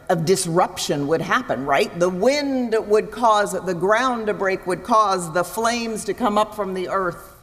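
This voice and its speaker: A woman preaching a sermon in a church, expressive, acting out voices and asking her listeners questions. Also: medium pitch, moderate pace. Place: church sanctuary. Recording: long reverb in a large hall.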